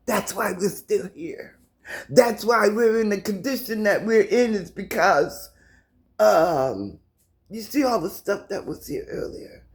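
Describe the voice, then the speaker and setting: A woman's voice: medium pitch, lively intonation, unhurried, breathy edge. A middle-aged American woman filming in her apartment, speaking passionately to her viewers while holding back tears and stuttering. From United States. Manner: impassioned, repetitive, addresses viewers directly. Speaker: vlogger. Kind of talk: emotional personal video.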